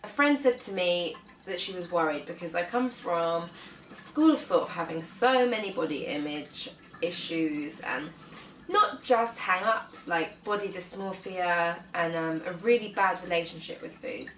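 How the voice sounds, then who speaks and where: A woman's voice: lowish voice, a little slow, roomy sound, recorded from a distance, slight background noise, low-quality recording. A young British woman vlogging casually about her fitness, chatty, with lots of "um" and "like". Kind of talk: casual vlog talk.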